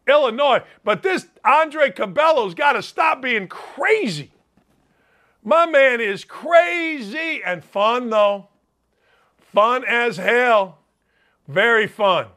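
A male sports-talk host with a very high, bright and forceful voice. He rants bluntly about college basketball and rambles from one point to the next with a combative edge.

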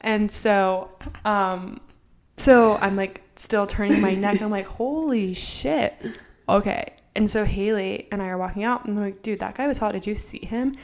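A woman's voice: mid-range voice, steady tone, normal speed, darkish tone. A young woman in her twenties co-hosting a podcast, telling a story in casual chat, full of fillers and acted-out bits of dialogue. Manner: chatty, filler-heavy, acts out dialogue with swearing. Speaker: podcast co-host.

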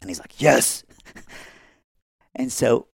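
A low-pitched, gravelly man spins a family story as a podcast guest and acts out each person in it. He is middle-aged and from Iran. The sound is close and dry, with no room sound. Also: moderate pace, dry recording. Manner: animated, acting out quoted family members.

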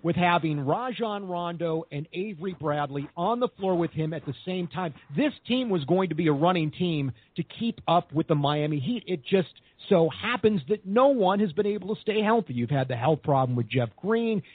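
A man hosting a sports podcast, chatting with upbeat, animated optimism. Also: high voice, moderate pace, hardly any pauses, husky, dry recording. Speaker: podcast host. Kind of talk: casual sports chat. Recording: tinny phone-like sound.

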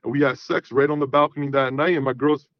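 A man's voice: mid-range voice, quick pace, no room sound. Guy in his 30s calling in, swears a lot, acts out all the quotes, muffled lo-fi sound. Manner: animated, profane, acts out quoted dialogue. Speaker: caller. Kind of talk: casual storytelling on a call-in show.

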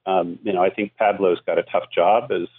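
A man's voice: sits low, fairly even intonation, moderate pace, phone-quality sound. A man explaining media policy as a guest on a radio call-in show, talking at length with many fillers. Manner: explanatory, frequent "you know" fillers.

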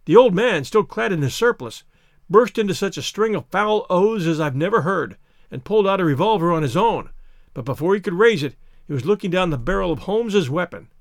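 A man reading a story aloud as narrator, in a steady, measured delivery. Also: high-pitched, no room sound, studio quality. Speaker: audiobook narrator. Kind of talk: scripted narration.

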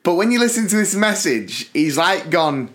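A man co-hosting a podcast, telling stories in animated fashion and acting out quotes. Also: high voice, moderate pace, a little hiss or hum. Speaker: podcast co-host. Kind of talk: casual chat.

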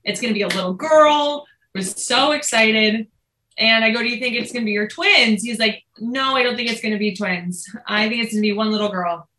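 A woman in her thirties, a podcast guest telling a family story in casual, animated conversation. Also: fairly high pitch, a little fast, reverberant, poor audio. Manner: animated, lots of "like", acts out quoted lines.

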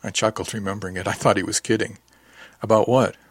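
A man's voice: fairly low pitch, flat delivery, rapid-fire, dry recording, studio quality. A man reading a first-person audiobook story aloud and giving the characters their own small voice changes. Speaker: audiobook narrator.

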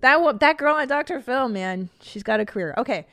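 A woman in her forties hosting a podcast in casual chat, blunt and profane with an animated delivery. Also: sits high, fairly quick, dry recording, studio quality. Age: 40s. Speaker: podcast host.

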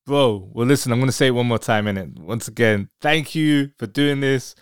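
Enthusiastic podcast host, smooth voice. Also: male voice, medium pitch, moderate pace, dry recording, clean studio sound. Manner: enthusiastic, effusive. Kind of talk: casual interview.

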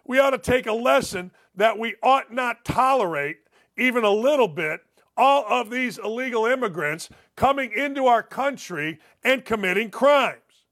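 A man's voice: extremely high pitch, lively intonation, normal speed, fairly bright tone. A man hosting a sports talk show, delivering a combative, opinionated monologue that repeats points for emphasis. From United States.

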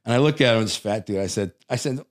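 A man from the Detroit area, a guest telling casual stories, animated and swearing, acting out the voices of people he quotes. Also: fairly low pitch, quick pace. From Detroit area, United States. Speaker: interview guest. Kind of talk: casual storytelling.

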